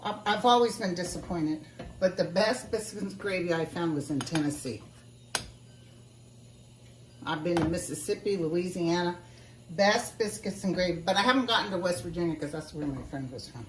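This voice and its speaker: A woman with a lowish, animated voice talks at normal speed while demonstrating a recipe for her casual cooking vlog. She's chatty and folksy, addressing viewers directly from her home kitchen, with roomy, distant sound and slight background noise.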